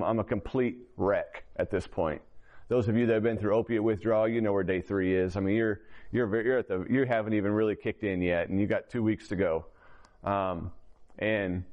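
A man's voice: medium pitch, a little mellow. A man giving his testimony as a sermon to a congregation, telling his story earnestly and then urging listeners directly. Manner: direct exhortation to the audience.

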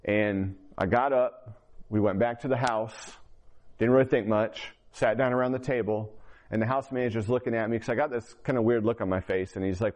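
A man's voice: medium pitch, animated, moderate pace, a little mellow. A man giving his testimony as a sermon to a congregation, telling his story earnestly and then urging listeners directly. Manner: direct exhortation to the audience.

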